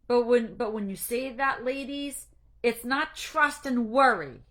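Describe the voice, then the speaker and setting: A woman anxiety coach giving an earnest, faith-based encouragement talk, emotional and halting, stumbling and restarting as she speaks. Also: fairly high pitch, expressive, fairly bright tone. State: emotional, near tears.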